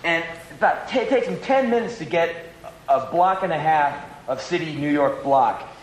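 A man with a slightly high voice delivers a rambling, profane stand-up monologue. His delivery is animated and loose, and the live venue around him sounds echoey. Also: moderate pace, a little hiss or hum. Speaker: stand-up comedian.

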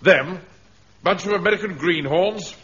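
An actor playing a pompous, officious middle-aged captain in a radio comedy. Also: male voice, sits high, unhurried, fairly bright tone, husky, exaggerated voice. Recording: dull archive radio recording.

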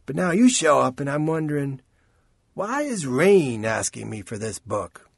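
A man's voice: mid-range voice, sing-song, measured pace, vocal fry, breathy edge, no echo, studio quality, voice pushed up, exaggerated voice. A man voicing a flirtatious, wisecracking adult man in an audiobook, speaking in a teasing, coaxing way. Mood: musing. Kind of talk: audiobook character voice.

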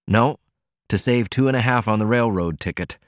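A man's voice: fairly low pitch, moderate pace, no echo, studio quality, lightly acted. A man voicing a tired young male laborer who gives curt, plain replies.

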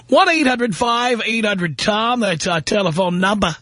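A man's voice: high-pitched, lively intonation, measured pace, a bit bright, no room sound. A man from New York hosting a call-in radio show, needling and condescending toward callers. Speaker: radio talk show host. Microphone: studio broadcast mic.

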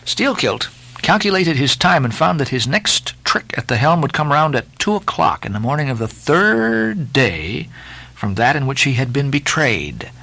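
Expressive male audiobook narrator. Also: medium pitch, normal speed, vocal fry, dry recording, low-quality recording. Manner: expressive, theatrical storytelling. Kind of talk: dramatic reading of a classic novel.

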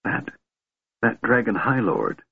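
A man's voice: mid-range voice, big pitch swings, moderate pace, vocal fry, breathy edge, dry recording, pitched above the performer's own voice, exaggerated voice. A man voicing a small, anxious male kender who whispers and stammers hesitantly. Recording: tinny phone-like band, dry.

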